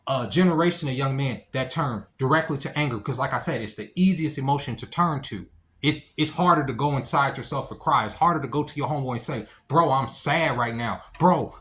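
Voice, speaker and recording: A man giving an impassioned monologue as an online commentator, profane and emphatic, repeating phrases and swinging between loud and soft. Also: mid-range voice.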